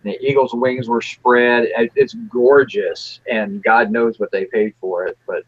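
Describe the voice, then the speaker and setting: A man with a husky, slightly breathy voice hosts a laid-back chat, joking around and tripping over his own restarts. His voice comes through a dull, lo-fi line. His pitch sits at an ordinary middle height. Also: measured pace, no echo. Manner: relaxed, joking, trails off into restarts. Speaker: podcast host. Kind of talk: casual chat.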